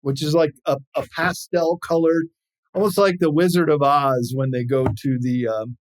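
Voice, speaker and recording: A man's voice: fairly high pitch, moderate pace, rough recording. A man, an explorer and author, telling stories as an interview guest and acting out quoted voices. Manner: animated storyteller, acts out quoted voices. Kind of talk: storytelling interview chat.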